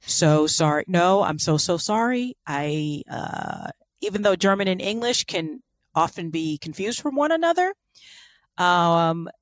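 Chatty woman with a low voice. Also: lively intonation, a little slow, no echo, studio quality. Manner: chatty and irreverent, apologetic about pronunciation. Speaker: podcast co-host. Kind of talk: casual storytelling chat.

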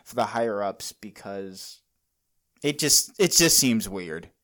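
A man's voice: on the low side, lively intonation, slow pace, a bit bright. A young man hosting a casual podcast chat, rambling and restarting his sentences. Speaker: podcast host.

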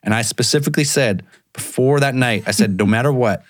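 A man's voice: medium pitch, fairly quick, no echo, studio quality. A man chatting casually with friends, making wry asides and laughing along. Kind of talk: casual chat.

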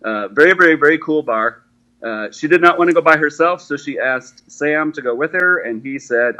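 A man's voice: fairly high pitch, moderate pace, bright, forceful tone, rough recording. A man in his forties, a guest telling his story in a chatty, self-deprecating way, laughing easily. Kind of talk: casual interview storytelling.

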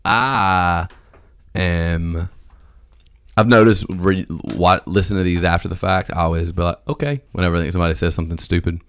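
A man hosting a casual podcast, teasing his friends with a deadpan "okay" and frequent laughs. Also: low voice, moderate pace, no room sound. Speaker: podcast host. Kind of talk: casual chat.

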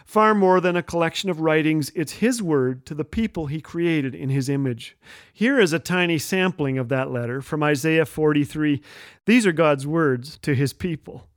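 A middle-aged man hosting a humor radio show, telling stories with wry, gentle jokes and chuckling at his own lines. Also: on the high side, moderate pace, no room sound, studio quality.

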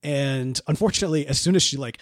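A man's voice: mid-range voice, fast, no room sound, studio quality. A man hosting a podcast who tells a history story in a casual, jokey way and acts out the characters as he goes. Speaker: podcast host.

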